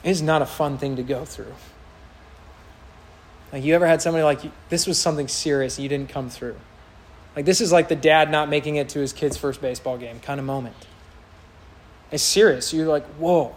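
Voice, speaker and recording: A man's voice: on the high side, steady tone, brisk, long pauses. A man preaching a sermon in a conversational way, acting out quoted voices now and then. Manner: conversational, mocks voices when quoting.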